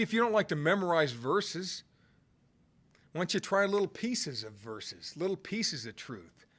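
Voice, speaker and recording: A man's voice: medium pitch, a bit bright. A man preaching a sermon, quoting scripture with earnest emphasis and rising bursts.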